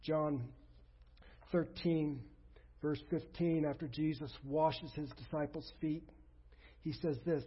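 Man preaching, earnest, soft drops, raspy voice, dull recording. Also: unhurried. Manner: earnest, often dropping to a soft low voice. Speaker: pastor. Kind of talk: sermon.

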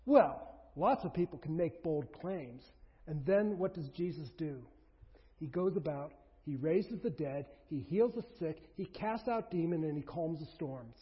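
A pastor preaching a sermon, emphatic, with rhetorical questions, swinging between loud and hushed. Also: male voice, on the high side, animated, measured pace, breathy edge. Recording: reverberant hall, dull lo-fi sound.

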